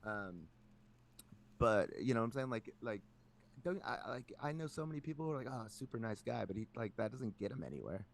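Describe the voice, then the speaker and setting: A man's voice: mid-range voice, big pitch swings, brisk, vocal fry. A man hosting a casual podcast, joking around and reading out questions with pointed follow-ups. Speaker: podcast host.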